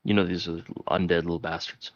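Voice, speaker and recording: A man's voice: sits low, level tone, fairly quick, no echo. A man narrating as game master in a loose, rambling way with many fillers. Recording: dry, dull lo-fi audio.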